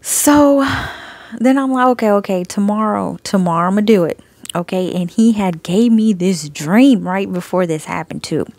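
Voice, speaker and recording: A woman's voice: medium pitch, moderate pace, darkish tone, dry recording. A woman giving a casual spoken testimony, telling her story with animation, laughing often and acting out both sides of her conversations, recorded on a phone. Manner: frequent laughter. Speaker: Christian video creator sharing messages.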